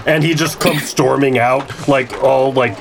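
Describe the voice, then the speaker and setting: A man's voice: mid-range voice, measured pace, vocal fry, background noise. A man co-hosting a casual podcast, animatedly retelling a movie scene by scene and acting out its characters. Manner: animated storyteller who acts out characters. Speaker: podcast co-host.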